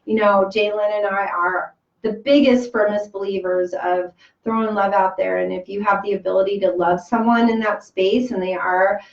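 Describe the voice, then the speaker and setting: A woman's voice: mid-range voice, steady tone, moderate pace. A woman co-hosting a spiritual talk, speaking in a soothing, reassuring way with frequent restarts. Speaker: spiritual podcast co-host. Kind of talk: casual spiritual chat. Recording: roomy, distant, dull sound.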